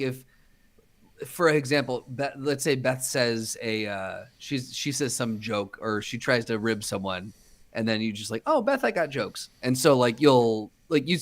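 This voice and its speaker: A man co-hosting a podcast in casual chat, explaining things in a rambling way with restarts. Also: medium pitch. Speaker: podcast co-host.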